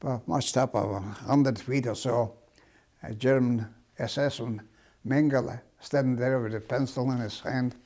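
A man's voice: medium pitch, fairly even intonation, normal speed, warm tone. Older man describing a camp selection. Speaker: Holocaust survivor interviewee. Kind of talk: personal testimony.

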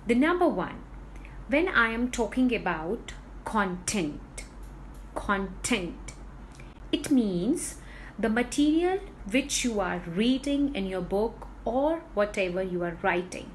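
A woman teaching pronunciation in a slow, deliberate way, repeating words to drill the stress. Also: fairly high pitch, sing-song, slight background noise, rough recording. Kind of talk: spoken English lesson.

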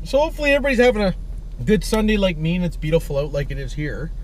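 A folksy man narrates a drive on his handheld camera, his voice sitting a little high and swinging up and down all the time. He rambles in a cheerful way and tags his lines with "eh" and "boys". Loud car and street noise runs under everything. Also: very animated, racing. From Canada. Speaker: vlogger. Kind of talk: casual driving vlog. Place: in a car, driving outdoors. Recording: noisy car and street sound. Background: car and outdoor noise.

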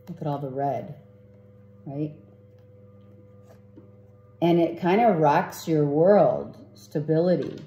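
A woman's voice: low-pitched, dark tone, roomy sound. A woman giving a casual tarot reading, rambling and often asking "right?". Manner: rambling, repeats herself, asks "right?". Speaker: tarot reader.

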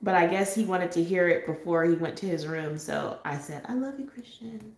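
A chatty woman from San Diego hosts a live stream from home, her lowish voice carrying off the walls of an echoey room. She talks loosely, laughing often and pausing on "um" between thoughts. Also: steady tone. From San Diego, California. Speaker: adult coloring channel host. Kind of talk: casual live-stream chat. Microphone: home live-stream setup.

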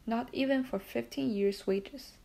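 A woman's voice: fairly high pitch, measured pace, vocal fry, warm tone. A woman reading a humble old telegraph keeper. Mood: earnest. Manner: earnest, plain-spoken. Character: older male telegraph keeper, humble, earnest. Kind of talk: audiobook character reading.

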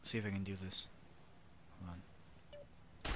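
A young man giving goofy, playful commentary over a video game, chatting to the characters and swinging between loud outbursts and hushed whispers. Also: deep voice, flat delivery, a little slow, pauses often. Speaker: gaming commentator.

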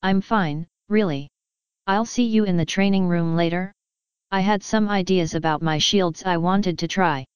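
A woman's voice: fairly low pitch, a little slow, clear, resonant tone, no room sound, muffled recording, lightly acted. A woman voicing a withdrawn, grieving young woman who speaks in an oddly controlled, evasive way. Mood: guarded.

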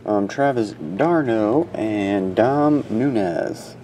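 A man's voice: lively intonation, very slow, warm tone. Sleepy guy w runny nose reading off cards, chill murmur, bit of room hiss. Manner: reads out names in a low murmur, chatty asides. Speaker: card breaker. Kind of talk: casual card-break narration.

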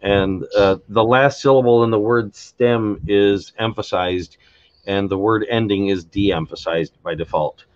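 A man with a very low voice talks through word endings on a live stream, pausing, restarting and spelling words letter by letter. The audio is dull and lo-fi, with keyboard typing behind him. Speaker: live stream host explaining a constructed language. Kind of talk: unscripted casual explanation.

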